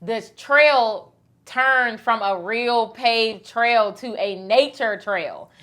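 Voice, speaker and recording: A woman in her thirties hosts a relaxed conversation, spinning a story with lively, teasing energy. Her voice is bright and sits a little high. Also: very slow. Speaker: host. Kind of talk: casual chat.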